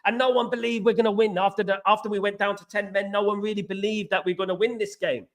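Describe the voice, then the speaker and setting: A man from East London with a Cockney accent, hosting a live football reaction chat, excitable and greeting viewers by name while repeating his stock phrases. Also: sits high, quick pace. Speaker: host of a football reaction livestream.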